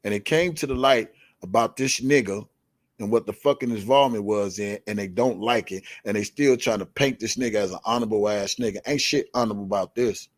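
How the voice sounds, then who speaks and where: A man's voice: fairly low pitch, brisk, no room sound. Profane, confrontational male host, dry sound. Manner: repeats key words for emphasis. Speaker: livestream show host. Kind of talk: heated commentary rant.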